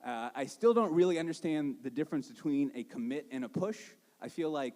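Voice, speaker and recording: A man wrapping up a conference talk in a halting, self-deprecating way. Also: a little high, expressive, darkish tone. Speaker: conference speaker. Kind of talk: closing a talk. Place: large hall with long reverb. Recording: live conference hall reverb.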